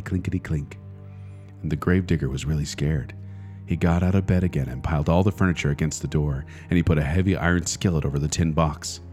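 A man podcast host reading a spooky children's story aloud in a deliberate manner that builds suspense. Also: extremely low pitch, warm tone.

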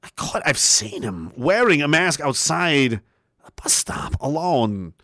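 A man's voice: a little high, very animated, measured pace, bright, forceful tone, no echo, studio quality. A man hosting a casual live stream, reacting to chat with laughter, swearing and trailing mutters. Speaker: livestreamer.

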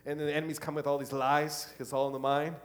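Man preaching, loud one moment, hushed the next. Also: a little high, fast talker. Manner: animated preaching, swinging from loud exhortation to hushed quoting. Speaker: pastor. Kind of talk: sermon.

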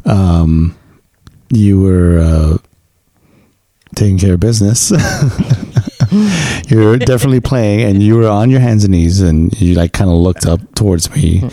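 A man's voice: low voice, unhurried, pauses often, no echo. A man in a casual podcast chat, telling stories loosely and swearing freely. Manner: loose, profane, animated storytelling.

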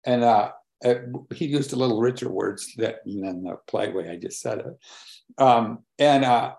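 A man in his seventies giving a reflective talk with personal stories, unhurried and thoughtful, often pausing to search for words. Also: medium pitch, gravelly, a little mellow. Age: 70s. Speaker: speaker on conversation and collaboration.

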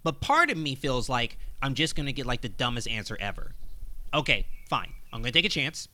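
Guy doing a sarcastic goblin wizard in an audio comedy, dry and fed up, really bright voice that bounces around. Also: mid-range voice, big pitch swings, brisk, slight background noise. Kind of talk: comedy audio drama acting.

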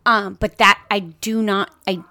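A woman in her thirties chats on a podcast with friends, telling lively stories and acting out what people said. Her pitch sits in the middle. The sound is close and dry. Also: measured pace, no room sound. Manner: animated storyteller, acts out quotes. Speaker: podcast co-host. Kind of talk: casual chat.

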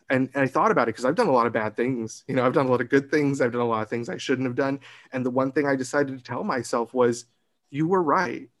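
A man in his late thirties talking reflectively in a casual conversation, rambling with frequent restarts. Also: medium pitch. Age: 30s.

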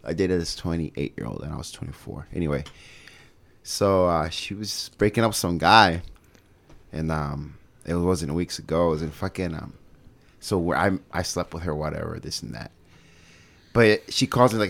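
A man's voice: sits low, moderate pace, vocal fry, fairly bright tone. A man in his thirties telling a crude story among friends on a podcast, laughing as he goes.

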